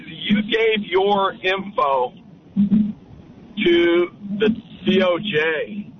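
A man's voice: sits high, drawn-out words. A man calling in to a radio talk show, rambling and opinionated. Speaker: radio caller. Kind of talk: call-in radio comment. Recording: muffled radio line with faint noise.

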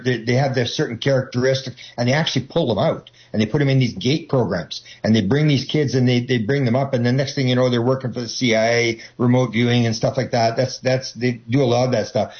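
A man's voice: mid-range voice, lo-fi sound. A man talking as a guest in a rambling, conversational way, restarting often and acting out quotes. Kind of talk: conversational explanation.

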